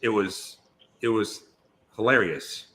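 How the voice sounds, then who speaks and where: A man's voice: fairly low pitch, slow pace, noisy background. A man, a guest actor on a podcast, chatting casually and telling long stories full of restarts. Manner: rambling storyteller, many restarts. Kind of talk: casual interview chat.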